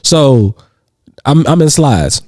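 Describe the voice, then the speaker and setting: A man in his thirties co-hosting a podcast, telling a story in a slangy, animated way and repeating words as he gets worked up. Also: mid-range voice, slow, no echo, studio quality. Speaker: podcast co-host. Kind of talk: casual storytelling chat. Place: indoors on a couch.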